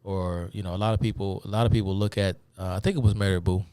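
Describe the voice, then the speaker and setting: Male host, casual lecturer who wanders and fills pauses; very low voice, dry close recording. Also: steady tone, warm tone, clear, resonant tone, no echo. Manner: rambling, many fillers, addresses viewers as y'all. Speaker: host of a live talk stream. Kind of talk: casual live-stream lecture.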